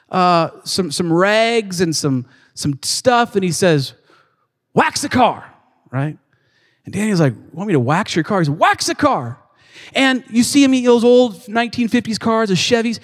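A male pastor preaching a sermon in a church, telling a story animatedly and acting out its scenes. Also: extremely high pitch. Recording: long reverb of a large hall.

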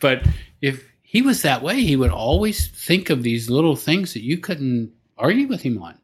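A man's voice: mid-range voice, big pitch swings, moderate pace, breathy edge. An older man, a podcast guest and business coach, telling family stories in a rambling, casual way with many restarts and fillers. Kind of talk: casual storytelling.

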